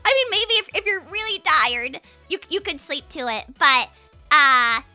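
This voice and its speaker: A woman streamer chatting casually with her viewers, energetic and rambling, often restarting her sentences, on a compressed studio mic. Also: high voice, unhurried, soft background music. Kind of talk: casual live-stream chat.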